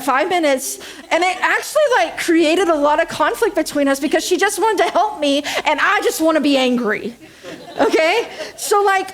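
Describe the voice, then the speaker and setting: A young adult woman preaching a conversational sermon, joking at her own expense and checking in with "okay?" and "right?". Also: high voice. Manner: chatty, joking, self-deprecating, asks "okay?" and "right?" often. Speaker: speaker at a church service.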